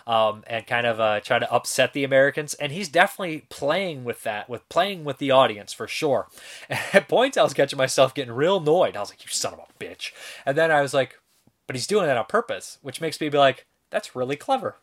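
A man's voice: medium pitch, a bit bright. A man hosting a casual spoken film review, rambling and enthusiastic, with many fillers and frequent laughs. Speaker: film reviewer, show host.

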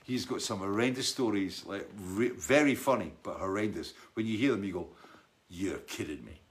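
A man's voice: on the low side, brisk. A man in his sixties, a musician, casually answering viewer questions from his studio in a rambling, anecdotal way full of restarts and asides.

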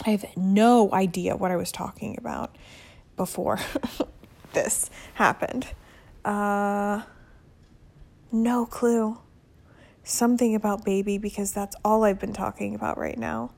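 A woman's voice: medium pitch, steady tone, slow, gravelly, long pauses. Young woman, casual solo podcast host, candid and chatty, recorded at home in her bedroom. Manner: chatty and candid, with soft laughs.

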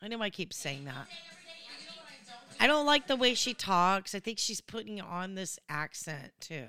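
A woman's voice: medium pitch, animated, measured pace, sharp tone, no echo. A woman giving casual, opinionated commentary on a reality show, acting out what people said in different voices. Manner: chatty, opinionated, acts out quotes in voices.

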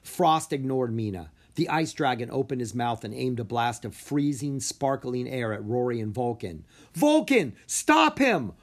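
A man narrating a children's book aloud in an expressive storytelling way. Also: mid-range voice, moderate pace, hardly any pauses. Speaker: audiobook reader.

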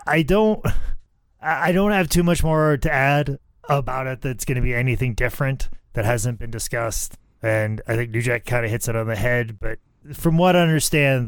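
A man's voice: mid-range voice, normal speed, smooth, dry recording. A man who wrestles, chatting casually on a podcast, rambling and swearing freely.

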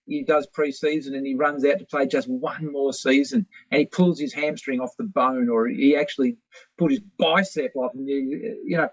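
A man hosting a casual conversation, talking quickly and chiming in with short agreements. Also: medium pitch, fairly even intonation. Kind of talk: casual chat. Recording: dry, dull lo-fi sound.

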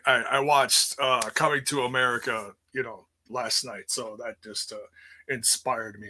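A man's voice: medium pitch, bright, forceful tone. A man in his forties hosting a livestreamed podcast, chatting casually in a playful, rambling way with many restarts. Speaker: podcast host. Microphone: streaming setup.

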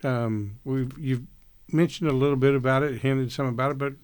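A man's voice: medium pitch, steady tone, moderate pace, darkish tone, clean tone. A man playing a tabletop role-playing game, speaking in a theatrical, florid way. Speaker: player.

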